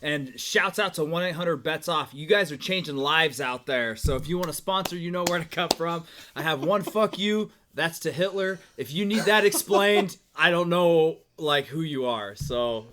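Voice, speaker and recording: A man's voice: a little high, normal speed, hardly any pauses, fairly bright tone, a little hiss or hum. A man co-hosting a casual podcast, telling a story with lots of laughter and swearing. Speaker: podcast co-host. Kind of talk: casual chat.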